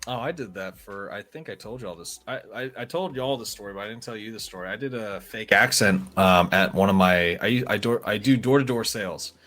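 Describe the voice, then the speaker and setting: A man's voice: on the low side, brisk, hardly any pauses. A man hosting a podcast, chatting casually and telling stories with frequent laughter. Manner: animated storyteller, laughs often. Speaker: podcast host. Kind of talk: casual chat.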